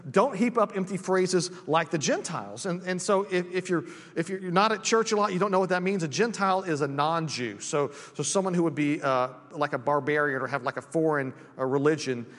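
A man's voice: on the high side, brisk, hardly any pauses, a bit bright. Guy pastor preaching chatty, lots of restarts, long church echo. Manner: conversational, many restarts and asides. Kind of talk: sermon. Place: church sanctuary.

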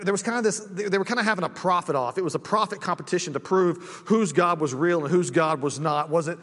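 A man's voice: high voice, fairly bright tone, big-room sound. A male pastor preaching a conversational sermon, with frequent restarts and friendly asides. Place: church sanctuary.

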